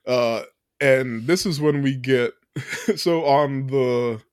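A man's voice: mid-range voice, slow, smooth, no room sound, clean studio sound. A man hosting a podcast, casually recapping a movie plot and laughing often. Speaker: podcast host.

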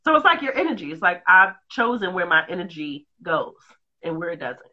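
Woman, 30s, casual co-host: bright, swooping delivery, quick laughs, dull lo-fi recording. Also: lowish voice. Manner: animated, laughing, profane storytelling. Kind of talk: casual chat. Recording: dull lo-fi sound.

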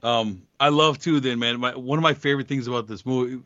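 A man chatting casually about a film, amused and quick to laugh. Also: mid-range voice, no room sound. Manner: amused, laughs often, lively intonation. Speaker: podcast co-host. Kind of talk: casual chat. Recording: dull dry lo-fi recording.

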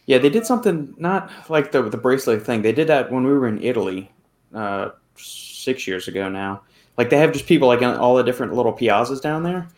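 Man, casual chat, fast pace, mid-pitched, chatty. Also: animated, darkish tone.

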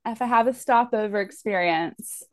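A woman's voice: mid-range voice, normal speed, no echo, clean studio sound. A woman co-hosting a book podcast in casual chat, talking in restarts with lots of "like". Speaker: podcast co-host.

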